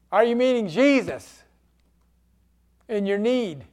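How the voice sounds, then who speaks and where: A man's voice: high-pitched, measured pace, pauses often. A man preaching a sermon, acting out quoted cries in a dramatic preaching manner.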